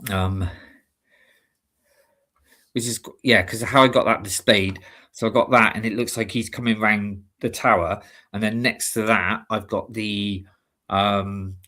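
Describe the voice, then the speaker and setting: A man co-hosting a live stream, chatting casually and rambling with many halting restarts. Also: fairly low pitch, fairly even intonation, sharp tone. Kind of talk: casual chat.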